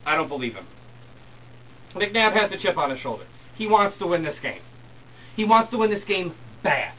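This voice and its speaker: A young man hosting his own sports talk show, reading emails and ranting excitedly about football. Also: on the high side, a little fast. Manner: excitable, worked up when ranting. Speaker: host. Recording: distant mic with faint room ambience.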